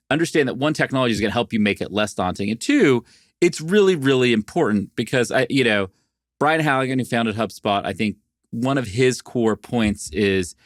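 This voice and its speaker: A man's voice: medium pitch, no room sound, studio quality. Teasing man co-hosting a podcast. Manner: teasing, emphatic. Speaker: podcast co-host. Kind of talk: casual chat.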